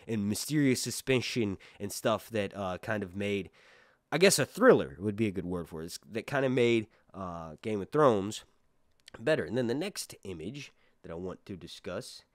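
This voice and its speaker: A man reviewing a show in loose, off-the-cuff commentary, his pitch swinging widely as he gets excited. He rambles with plenty of fillers and restarts. The sound is dry and close, with little room echo. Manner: rambling, many fillers and restarts, animated bursts.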